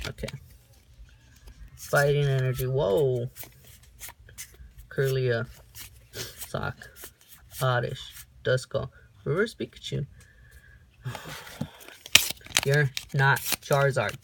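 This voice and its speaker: A young man talks through a card-opening vlog at an unhurried pace, his voice rough with fry. He reads the cards off one by one and breaks into sudden excited whoops. Faint background noise and the crinkle of wrappers sit under his camera mic at home. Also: medium pitch. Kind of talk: casual unboxing commentary.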